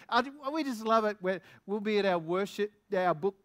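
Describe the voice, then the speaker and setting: Guy preaching, gets excited and speeds up, keeps firing questions at the church. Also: sits high. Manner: excitable, quickens when stirred; lively preaching with many rhetorical questions. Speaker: guest minister. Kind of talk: sermon.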